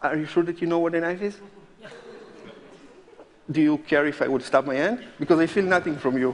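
A man performs as a stage mentalist in front of a live audience, joking nervously with volunteers in slightly broken English. His voice sits a little high. It carries a long reverb from a big hall, with clear noise underneath. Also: a little fast, long pauses. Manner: joking, nervous, non-native phrasing. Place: large theatre stage before a live audience.

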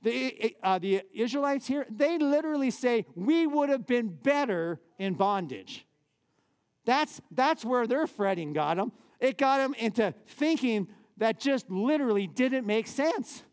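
A man, a pastor, preaching a lively sermon in a church with casual, conversational asides. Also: very high-pitched, unhurried.

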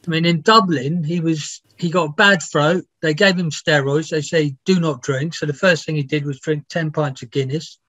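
A man's voice: a little high, steady tone, normal speed, hardly any pauses, sharp tone, no room sound. A man, a music biographer, telling rambling, laughing anecdotes with some swearing in a casual interview. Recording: dull, dry lo-fi sound.

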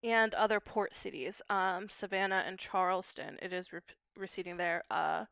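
A young adult woman, a guest linguist, explaining dialect features in measured, academic podcast talk. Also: medium pitch, steady tone, vocal fry, a bit bright, no room sound.

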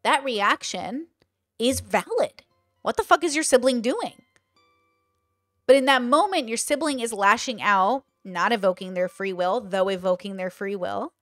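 A woman's voice: fairly high pitch, a little slow, dry recording, studio quality, soft background music. A woman creator in casual livestream chat, thinking aloud with lots of fillers and acting out the voices she quotes. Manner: animated, acts out quoted voices. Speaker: online content creator.

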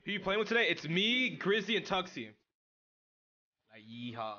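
A young man streaming a video game, chatting casually with his chat in an excitable, slangy way. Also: high voice, fast talker, highs cut off. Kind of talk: casual live-stream chat while gaming.

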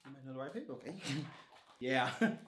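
A man's voice: medium pitch, animated, a little fast, a bit bright. A man acting as a sarcastic student who rants at his teacher and laughs in a comedy sketch. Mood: mocking. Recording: roomy echo with faint noise.

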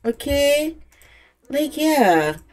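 A woman's voice: sits high, sing-song, very slow. A woman giving casual let's-play commentary, chatting away and talking to the game characters. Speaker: gaming creator.

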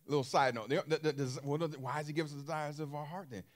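A man's voice: a little high, steady tone, quick pace. A man preaching a sermon in an emphatic style, repeating phrases and throwing questions to his listeners, with features. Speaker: pastor.

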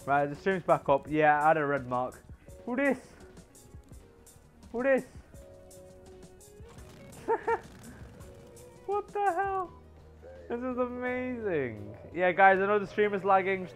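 A man giving excitable live commentary on his game stream, yelling and laughing as he teases other players. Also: high voice, unhurried, pauses often, soft background music.

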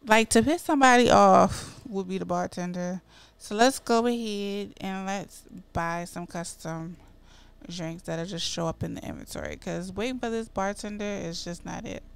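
A woman giving casual, expressive gameplay commentary as a gaming creator, chatty and at times heated and dramatic. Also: mid-range voice, measured pace, gravelly, clean tone, dry recording.

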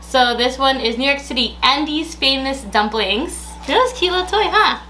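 A woman with a high, bright voice casually unboxing a pet box on camera. She keeps slipping into coaxing sing-song baby talk with her dog, gasping and laughing as she goes. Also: expressive, normal speed, a little hiss or hum. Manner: gasps and laughs as she chats.

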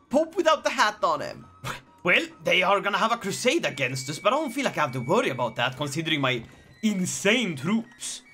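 A man giving jokey, excitable gameplay commentary, breaking into sudden shouted outbursts. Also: sits high. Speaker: gaming video creator.

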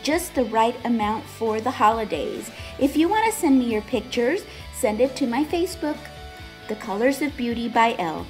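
A woman's voice: a little high, expressive, normal speed, darkish tone, soft background music. A woman beauty vlogger talking casually through a makeup tutorial, chatty and giggly with plenty of fillers.

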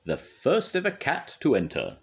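A man's voice: medium pitch, huge pitch swings, normal speed, creaky, slightly rough, pitched above the performer's own voice, heavily acted. An older man voicing a prim, formal older woman judge in a storybook reading.

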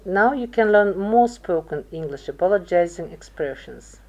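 A woman presenter calmly opening and closing an English lesson. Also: fairly low pitch, moderate pace, highs cut off.

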